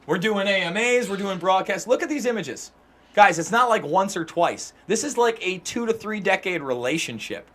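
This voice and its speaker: A man's voice: sits high, animated, normal speed, a bit bright. A man hosting a casual livestream chat, emphatic and profane. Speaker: host.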